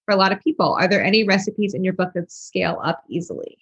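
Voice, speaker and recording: Husky-voiced woman moderator. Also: fairly low pitch, a bit bright. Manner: brisk, reads questions aloud. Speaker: event moderator. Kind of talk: reading out audience questions.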